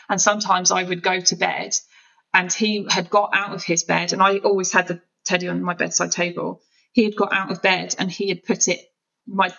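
A woman's voice: fairly low pitch, vocal fry, sharp tone, dull audio. A woman talking openly and emotionally as a podcast guest, in an open, searching way. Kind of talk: candid conversation.

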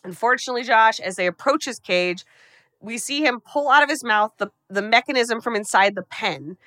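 Bright-voiced woman rapidly recapping a film. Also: on the high side, lively intonation, no echo. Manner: rapid, profane, breathless storytelling. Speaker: podcast host.

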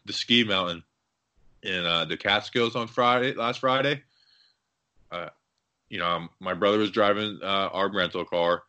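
A young man co-hosting a casual sports podcast, rambling and joking through his stories. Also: fairly low pitch. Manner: rambling, joking, animated storytelling. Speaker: podcast co-host.

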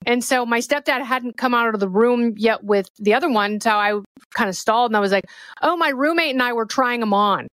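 Animated, high-voiced woman telling a story. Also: fairly quick. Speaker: podcast guest, fellow host. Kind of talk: casual chat, storytelling.

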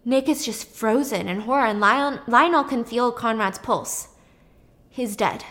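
A woman's voice: a little high, unhurried. Chatty woman recapping a movie plot. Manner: animated, chatty, with casual swearing. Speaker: storyteller.

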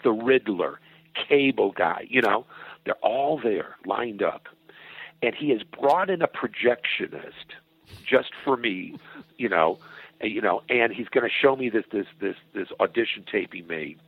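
An older man tells a long showbiz story down a tinny phone line, his voice husky and dry. He swears freely and acts out other people's lines, his pitch swinging widely as he goes. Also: expressive, a little slow, no echo. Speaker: comedy writer and producer, guest. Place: at home. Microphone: telephone.

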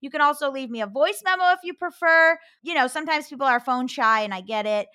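An American woman hosting a podcast, chatting excitably and laughing often. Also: high-pitched, fast. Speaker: podcast host. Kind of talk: casual podcast chat.

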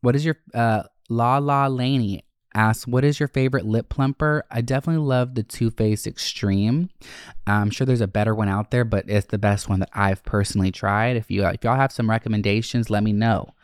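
A young man hosting a podcast, answering listener questions in a chatty, expressive way and swearing casually. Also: fairly low pitch, normal speed, smooth, no echo, clean studio sound. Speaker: podcast host. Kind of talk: casual Q&A chat.

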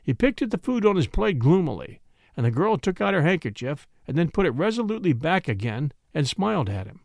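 A man narrates an old city tale with a lively, rising and falling voice, pitched a little high. The reading is close to the mic and dry, with no room sound. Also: brisk, vocal fry, no room sound. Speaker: audiobook reader. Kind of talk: scripted narration.

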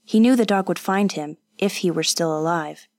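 Brief: female audiobook narrator, even measured read, dry close mic. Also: on the low side, dry recording. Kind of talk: scripted narration.

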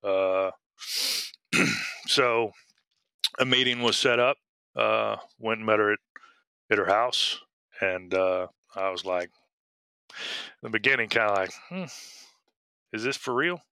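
Brief: middle-aged male K9 officer, guest, hesitant storyteller, bright timbre. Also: fairly low pitch, steady tone, gravelly, clean tone, dry recording. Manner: halting, full of fillers and restarts. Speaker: police K9 handler, guest. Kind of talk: casual interview storytelling.

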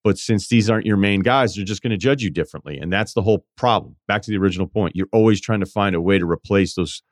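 A man hosting a podcast, chatting casually and telling stories in an animated, conversational way. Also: fairly low pitch, fast talker, no echo, studio quality. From Vermont. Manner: conversational storytelling, animated quoting. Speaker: podcast host. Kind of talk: casual chat, reading listener emails.

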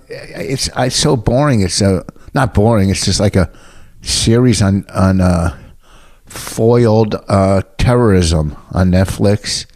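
A man who is a stand-up comedian and podcast host, talking in a rambling, low-key way. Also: creaky, a little mellow. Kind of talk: casual chat.

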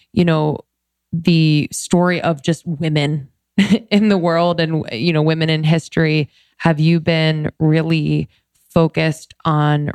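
A woman hosting a casual interview, asking curious, reflective questions at a measured pace. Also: low voice, darkish tone, no room sound. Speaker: podcast host.

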